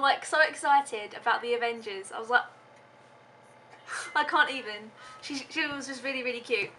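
A woman's voice: sits high, bright, forceful tone, slight background noise. A young woman vlogging casually from home, giggling often and rambling with lots of hesitant ums.

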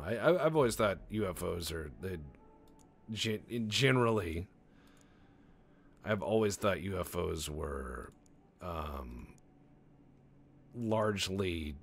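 A man giving casual let's-play commentary, rambling and joking with frequent profanity. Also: deep voice. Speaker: gaming channel host.

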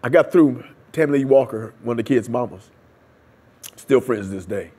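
A man with a husky, somewhat breathy voice tells his story in an oral history interview. He acts out the dialogue and prayers along the way. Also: mid-range voice, moderate pace, warm tone. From United States. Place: seminary room.

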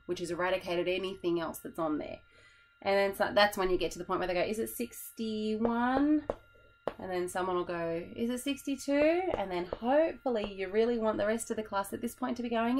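Brief: tired woman teacher, chatty, lowish voice, acts out kids. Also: a little hiss or hum, low-quality recording. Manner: chatty, demonstrates classroom voices, laughs at herself. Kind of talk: teacher explaining a classroom method.

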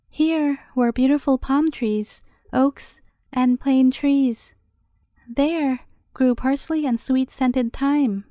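A woman narrating a fairy tale as a gentle, measured bedtime story reading. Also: sits high, no echo, clean studio sound.

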